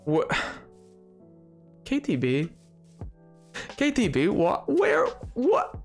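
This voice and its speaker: Game streamer rambling at chat, slow-ish but worked up, mid pitch, soft music in the back. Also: gravelly. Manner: excitable, bantering with chat, jumping between yelling and mumbling. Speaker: livestreamer playing a video game. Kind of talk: casual live-stream chat. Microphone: desk mic.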